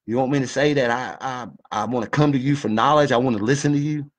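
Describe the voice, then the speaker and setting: Speaking quickly at medium pitch, a male video commentator delivers a fired-up, preachy monologue that's folksy and packed with swearing.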